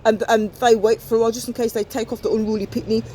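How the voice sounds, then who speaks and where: A woman's voice: fairly high pitch, level tone, fast, dark tone, slight background noise. A woman performing a wry spoken-word story, slipping into rhymes as she narrates.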